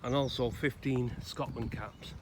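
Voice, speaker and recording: Standing outdoors in a cemetery, a grave-visiting vlogger from Salford, England, offers a casual spoken tribute and story in a loose, conversational ramble full of pauses. His voice is middling in pitch with fairly even intonation. Clear outdoor noise and distant traffic sit beneath him.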